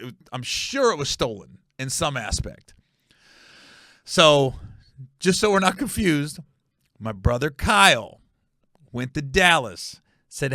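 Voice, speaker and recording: Animated man telling a story, dry sound. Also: mid-range voice, dry recording. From Ohio. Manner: animated, acts out quotes, laughs at own story. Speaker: comedian and podcast host. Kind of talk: casual storytelling.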